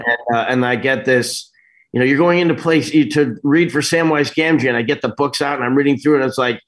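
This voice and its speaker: A middle-aged man telling stories as an interview guest, in an animated, rambling way that keeps breaking off and restarting. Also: mid-range voice, quick pace. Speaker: actor guest. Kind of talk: casual interview storytelling.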